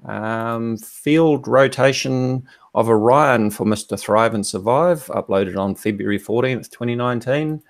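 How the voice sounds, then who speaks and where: A man presenting a series of videos on a shared screen in a measured way, pausing often with ums. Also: medium pitch, dry recording. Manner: measured, hesitant with many ums. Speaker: guest presenter.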